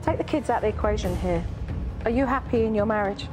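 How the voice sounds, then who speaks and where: Speaking fast in a mid-range voice over background music, a woman hosts as a parenting expert. She coaches parents and children in a direct, probing way, often repeating phrases for emphasis.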